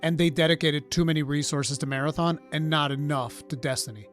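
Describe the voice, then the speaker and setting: A man's voice: fairly high pitch, fairly even intonation, brisk, fairly bright tone, faint music behind. A man hosting a live gaming talk show, giving blunt, rambling, profane opinions. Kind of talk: casual gaming commentary.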